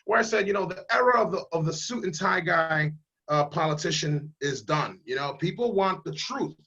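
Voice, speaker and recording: A political candidate speaks in a high, bright and slightly husky voice. He talks emphatically and bluntly, pushing his points with fiery conviction. The sound is dull and lo-fi, as on a video call. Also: expressive, moderate pace. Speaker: congressional candidate. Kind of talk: casual interview over video call.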